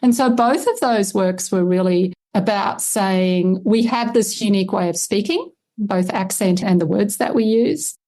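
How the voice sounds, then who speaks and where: A woman speaks as a historian in an interview, steady and explanatory. Her voice is mellow and warm, at a middle pitch for a woman. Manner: measured, explanatory, laughs lightly now and then. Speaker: historian and lexicographer guest.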